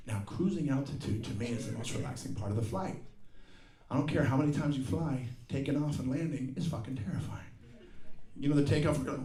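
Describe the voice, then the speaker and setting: A middle-aged man's quick, slightly mellow mid-range voice carries a profane, ranting stand-up set, complete with impressions of others' lines. He's recorded live at a comedy venue. The space sounds roomy, and the audience laughs.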